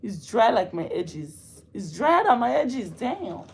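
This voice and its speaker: A woman chatting on a livestream with her viewers, animated and playful, laughing often and putting on mock outrage. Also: on the high side, takes it slowly, a little hiss or hum. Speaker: livestream host. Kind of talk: casual livestream chat with viewers.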